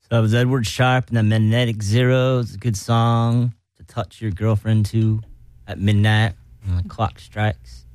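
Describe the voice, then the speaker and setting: A man's voice: fairly low pitch, fairly even intonation, measured pace, darkish tone, smooth. A man hosting a casual comedic podcast from a small studio, rambling and self-mocking. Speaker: podcast host. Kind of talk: casual comedic radio chat.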